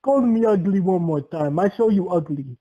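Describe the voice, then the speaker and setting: Guy playing a pushy stranger at the mall, touchy and demanding, kinda high voice, darkish tone. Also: animated, dark tone, lo-fi sound. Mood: indignant. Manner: demanding, quick to take offense.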